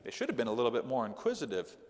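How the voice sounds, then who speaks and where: Animated preacher man in a reverberant hall. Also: medium pitch, very fast. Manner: animated, conversational, with frequent "okay?" asides. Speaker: Sunday school teacher. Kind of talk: sermon. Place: church hall.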